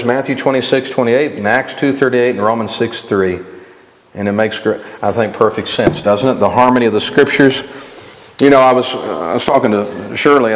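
A man preaching a sermon, asking rhetorical questions and answering them, voicing imagined objectors as he goes. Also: medium pitch. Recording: long hall reverb.

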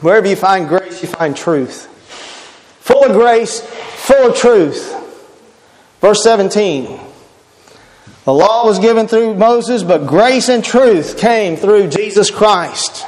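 A man's voice: sits high, lively intonation, slow, pauses often, a little mellow, in a large hall. A man preaching a sermon, emphatic and quoting scripture, repeating key words for stress.

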